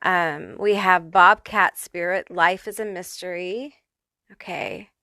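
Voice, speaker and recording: Unhurried, bright-voiced tarot reader woman. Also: lowish voice, dry recording. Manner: casual, laughs often, swears freely. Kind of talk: pick-a-card tarot reading.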